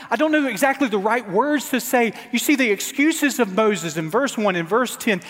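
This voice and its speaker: A male pastor preaching a dramatic sermon to his congregation, sometimes dropping to soft near-whispers. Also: very high-pitched. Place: church sanctuary. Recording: church sanctuary with long reverb.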